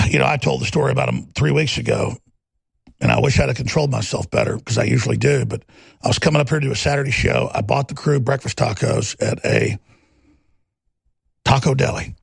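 A middle-aged man hosting a talk show, ranting in a heated, mocking monologue with a raspy voice. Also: mid-range voice, big pitch swings, fairly quick, no room sound. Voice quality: gravelly, raspy.

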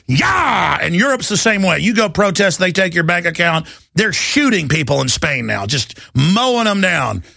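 A man hosting a talk radio show, ranting urgently and often rising to shouts, with heavy repetition. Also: high voice, big pitch swings, moderate pace, vocal fry, hardly any pauses, no room sound, clean studio sound. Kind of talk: impassioned talk radio monologue.

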